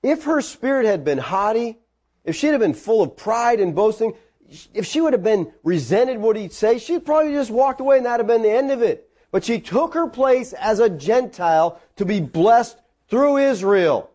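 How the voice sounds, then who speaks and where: A man preaching a sermon, animated and acting out the voices of the people in the story. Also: high-pitched, normal speed.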